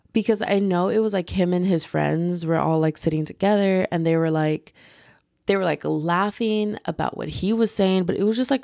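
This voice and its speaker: A woman's voice: lowish voice, vocal fry, dry recording, studio quality. Chatty young woman telling a story. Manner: chatty, lively retelling full of "like" and acted-out quotes. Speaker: vlogger. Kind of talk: casual storytime.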